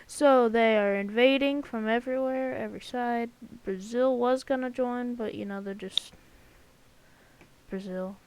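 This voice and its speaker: A woman's voice: on the high side, unhurried, a little mellow, smooth, poor audio. A woman giving casual, rambling commentary over an alternate-history map, joking and full of fillers and sound effects. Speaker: channel host.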